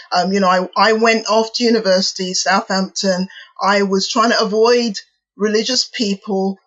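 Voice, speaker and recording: A woman's voice: mid-range voice, a bit bright, highs cut off. A British woman minister from England, telling her story reflectively as an interview guest.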